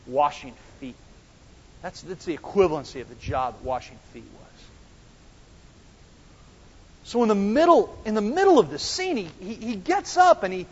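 A man preaching a sermon as pastor, animated and swinging between quiet and loud, acting out the dialogue himself. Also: on the high side, slightly rough. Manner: animated, acts out dialogue with big swings in loudness. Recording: dull sound with long church reverb.

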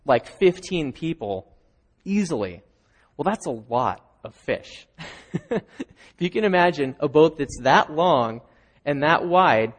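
Male pastor, slightly high voice, animated storyteller on a stage mic. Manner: animated storytelling, acting out characters with raised voice. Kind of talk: sermon. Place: church stage.

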